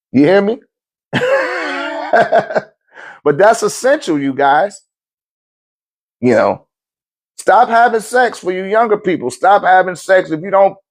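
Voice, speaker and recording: A middle-aged man, giving blunt, profane life advice in a casual monologue and laughing often. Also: high-pitched.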